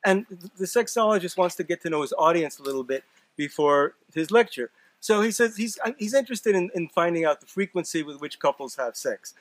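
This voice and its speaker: High-voiced older man, dry close sound. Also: brisk, no room sound. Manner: lively, rising into quoted lines. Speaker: amateur comedian. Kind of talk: telling a joke.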